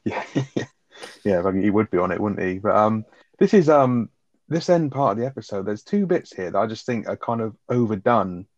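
A man's voice: on the low side, expressive, normal speed, darkish tone, no room sound, dull audio. A man co-hosting a casual chat about a sitcom episode, rambling with plenty of fillers and swearing. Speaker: podcast co-host.

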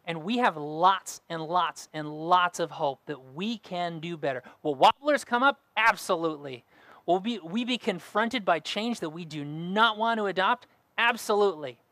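A man's voice: high voice, lively intonation, moderate pace, sharp tone, no echo. A young adult man preaching a sermon as pastor, earnest and fond of repeating key phrases.

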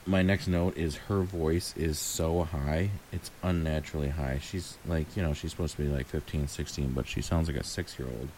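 A man's voice: a bass voice, steady tone, normal speed, few pauses, a little mellow, slight background noise. A man chatting casually about a movie, musing aloud with frequent ums and light laughs. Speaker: co-host reviewing a movie. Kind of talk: casual chat.

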